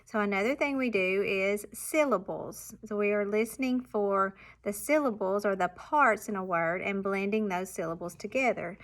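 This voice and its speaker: This primary teacher tells parents how the reading exercises work, patiently sounding out and clearly emphasizing example words. She speaks at a moderate pace with few pauses, in a mid-range voice.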